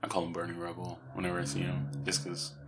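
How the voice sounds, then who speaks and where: A man's voice: low voice, completely flat delivery, fast talker, slight background noise. A man chatting casually with a friend about a film, agreeing often and laughing. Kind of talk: casual chat recapping a film.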